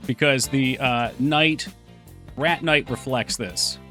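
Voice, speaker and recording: Bright-voiced man streaming game development. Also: medium pitch, takes it slowly. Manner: rambling, thinks aloud, reads chat. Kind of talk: casual live-stream chat. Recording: faint music behind voice.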